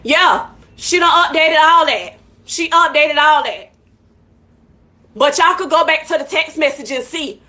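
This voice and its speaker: A woman's voice: high-pitched, measured pace, pushed and bright. A woman hosting a live stream in casual chat, heated and emphatic, repeating her points. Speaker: livestream host.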